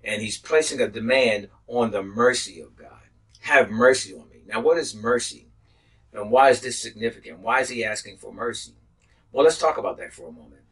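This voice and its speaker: A man's voice: mid-range voice, brisk, husky, distant mic, rough recording. A man preaching as a pastor, teaching a Bible healing lesson, reading verses aloud, repeating key phrases and dropping in praise God. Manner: interjects praise God and glory to God.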